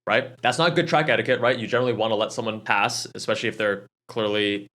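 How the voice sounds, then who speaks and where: A man narrating track-day footage, calmly breaking down his driving and drawing lessons step by step. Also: fairly low pitch, fast. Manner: calm, analytical, explains driving lessons step by step. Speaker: channel host and track driver. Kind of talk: track-day video commentary. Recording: car engine noise behind the voice.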